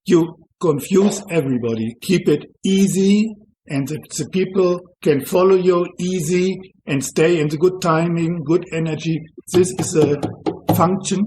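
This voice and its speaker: A man, a Zen monk, calmly explaining how to drum, in plain instructional English that is not his first language. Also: a little high, measured pace, slight background noise. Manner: calm, plain instructional phrasing in non-native English. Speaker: Zen monk teaching drumming. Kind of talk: spoken instruction between drum demonstrations.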